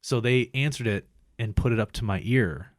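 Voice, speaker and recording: A man's voice: medium pitch, moderate pace, no echo, studio quality. A man casually telling a story on a podcast, rambling and swearing freely as he animatedly relives it. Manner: profane, rambling, animated retelling.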